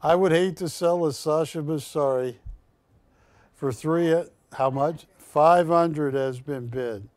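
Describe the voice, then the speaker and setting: A man's voice: a little high, slow pace, darkish tone, no room sound. A man hosting a live shopping-channel art auction, calling bids with joking, teasing banter from a TV studio.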